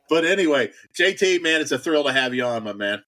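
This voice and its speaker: A man's voice: a little high, animated, brisk, sharp tone. A man hosting a podcast in casual chat, joking, laughing often and repeating words as he goes. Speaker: podcast host. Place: home garage bar.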